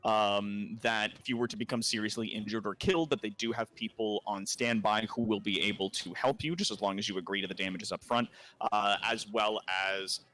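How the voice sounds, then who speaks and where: A man narrating a tabletop role-playing game as game master, often pausing on fillers. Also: on the low side. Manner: lively, hesitant with fillers.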